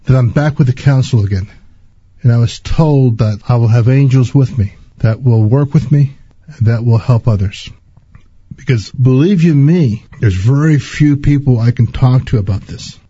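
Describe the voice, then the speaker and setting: A man giving an earnest, slow and deliberate personal spiritual testimony. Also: medium pitch, mellow, husky, no echo, dull audio. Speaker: spiritual speaker.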